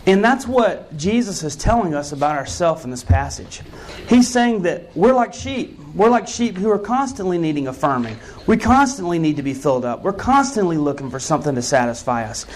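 A man preaches as a pastor, easing into personal stories in a conversational style. He leans into his points with earnest emphasis. His voice sits a touch high for a man. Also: sing-song, fairly quick, hardly any pauses, a little hiss or hum. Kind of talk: sermon.

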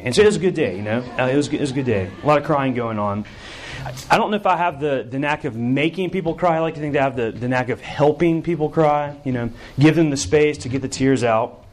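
A man's voice: fairly high pitch, lively intonation, quick pace, a little hiss or hum. A middle-aged man preaching a sermon in a conversational, self-deprecating way, with many fillers. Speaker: campus minister.

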